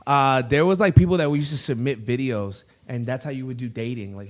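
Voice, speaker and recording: A man's voice: medium pitch, brisk, hardly any pauses. A man hosting a comedy podcast in a studio, chatting casually with lots of rambling, laughter and crude asides.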